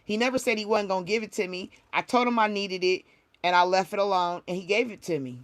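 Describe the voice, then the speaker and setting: A woman with a medium-pitched voice and quick pace shares a heartfelt spiritual testimony on a casual livestream. She's a spiritual reader and livestream host, and her emotional storytelling is repetitive with many restarts.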